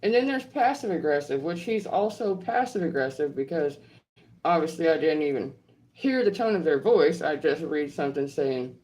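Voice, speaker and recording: Low-pitched, darkish, and a bit fast, this woman delivers an expressive, heated monologue aimed at trolls. She's an online creator who also works in healthcare, and she's blunt, confrontational and profane, driving her points home through repetition.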